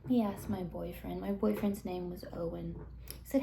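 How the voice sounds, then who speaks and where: A woman telling a rambling story, halting, full of fillers and restarts, sometimes dropping into half-whispers. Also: on the low side, steady tone, vocal fry, mellow, slight background noise. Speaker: storyteller recounting a dream. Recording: roomy echo.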